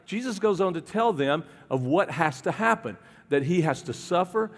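A man's voice: high-pitched, lively intonation, moderate pace. A pastor preaching a conversational sermon, asking his congregation questions as he goes. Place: church hall with a congregation. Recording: long hall reverb.

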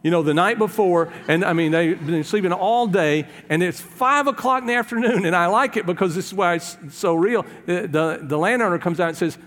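A man's voice: sits high, a little fast, few pauses, a bit bright, in a large hall. A man preaching a sermon, retelling a Bible story in a loose, conversational way with fillers and voiced quotes. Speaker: pastor.

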